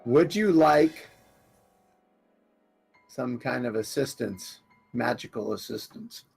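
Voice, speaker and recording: A man with a gravelly, husky voice plays a character in a tabletop game. He talks slowly, trailing off and restarting. His pitch rises and falls a lot, and faint music plays under the call. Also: animated, a little mellow. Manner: hesitant, restarting his sentences. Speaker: player. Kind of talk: casual game chat.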